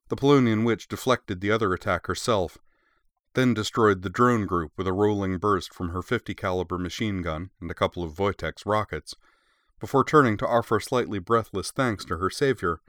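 An audiobook narrator, a man with a fairly low voice, reads a story aloud in steady, measured scripted narration. The recording is clean studio sound with no room sound.

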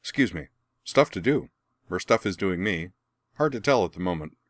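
A man's voice: deep voice, expressive, moderate pace, no echo, clean studio sound. A man voicing a distracted, eccentric stranger who rambles, in an audiobook reading. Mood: scatterbrained.

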